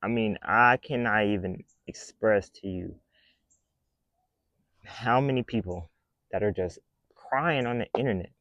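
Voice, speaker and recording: A man's voice: fairly low pitch, dry recording, dull audio. A man talking to camera in a casual commentary rant, blunt, emphatic and scolding. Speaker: vlogger.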